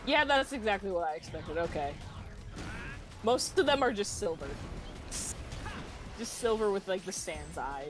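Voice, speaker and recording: A woman's voice: mid-range voice, lively intonation, normal speed, long pauses, music in the background. A woman co-hosting a livestream, reading chat aloud in a casual, giggly way and laughing often. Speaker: stream co-host reading chat.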